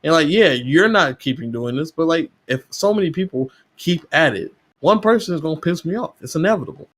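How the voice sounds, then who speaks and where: A man's voice: animated, a little fast, a bit bright. A man guesting on a gaming podcast in casual chat, ranting heatedly and swearing often. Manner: heated, profane rant with rising pitch.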